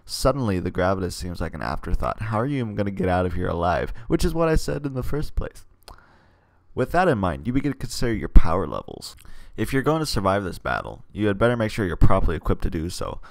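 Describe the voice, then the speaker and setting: A man with a low voice, big pitch swings, and vocal fry speaks fast while playing a text game, reading the story aloud in a casual let's play. He adds rambling, hesitant remarks on his choices between read passages, and the recording is dry.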